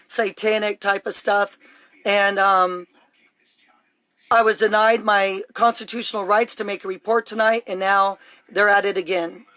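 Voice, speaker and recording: A woman's voice: medium pitch, a bit bright, no room sound. Agitated woman ranting into her phone. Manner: agitated, urgent, rambling. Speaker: livestreamer. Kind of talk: live phone stream. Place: home, indoors.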